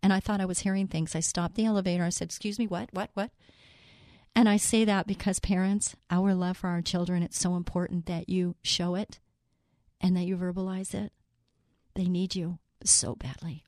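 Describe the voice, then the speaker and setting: A woman's voice: lowish voice, level tone, darkish tone, no room sound. Earnest woman talk-show host, dry sound. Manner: earnest, personal, quotes scripture; slows down to stress words. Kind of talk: faith talk monologue.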